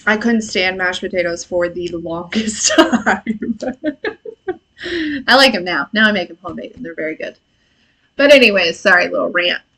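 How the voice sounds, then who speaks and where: A woman's voice: fairly low pitch, normal speed, pushed and bright. A woman in her thirties hosting a casual live intuitive reading, chatty and laughing, swearing casually and answering chat comments. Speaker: intuitive reader and live stream host. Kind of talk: casual live-stream tarot-style reading.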